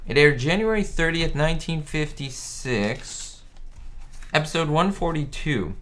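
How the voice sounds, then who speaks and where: A man hosting a casual live stream, chatting about an old sitcom episode and answering viewers' comments with excitable asides. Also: mid-range voice. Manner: chatty, reads chat aloud, excitable asides. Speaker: host. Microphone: webcam setup.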